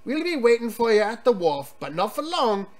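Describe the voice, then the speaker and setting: Man putting on a slurring old pirate captain, gruff, low drawl, lively pitch swings. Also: moderate pace. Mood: drunken gruff.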